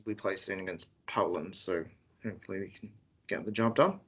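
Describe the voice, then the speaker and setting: A man's voice: deep voice, a little fast, fairly bright tone, husky. A man from Wales co-hosting a wrestling podcast, laid-back in casual chat. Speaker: podcast co-host.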